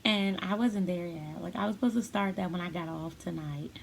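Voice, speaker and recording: A woman's voice: on the low side, brisk, gravelly, a little hiss or hum. A young woman vlogging casually to her viewers, chatty and full of "like" fillers, acting out the dialogue she quotes. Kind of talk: casual personal storytelling to camera.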